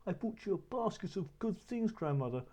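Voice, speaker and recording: A man voicing an innocent, curious little girl in a children's story, speaking in a high, wondering child's voice. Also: big pitch swings, normal speed, dark tone. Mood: polite.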